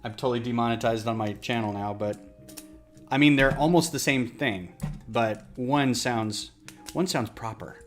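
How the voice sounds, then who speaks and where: A man's voice: mid-range voice, moderate pace, soft background music. A man chatting casually on a livestream while he builds, rambling and self-deprecating. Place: home office.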